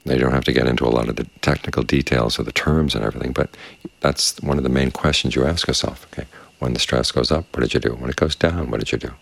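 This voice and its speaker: A man giving a dharma talk as meditation teacher, speaking in a calm, measured, unhurried way. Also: rumbling low, vocal fry, dry recording. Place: quiet meditation space with crickets outside.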